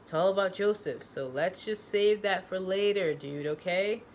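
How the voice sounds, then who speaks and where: A woman's voice: medium pitch, moderate pace, slight background noise, lightly acted. A woman reading aloud from her own novel, voicing a brash young male psych ward patient who talks in slang. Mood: cocky. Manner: cocky, slangy, calls people dude and man.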